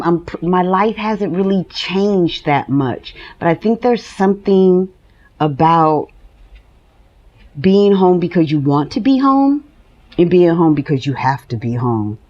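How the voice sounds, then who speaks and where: A woman's voice: fairly low pitch, lively intonation, measured pace, a little mellow, lo-fi sound. A woman hosting her own podcast, talking candidly and emotionally at home and laughing now and then. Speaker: podcast host. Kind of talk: personal monologue.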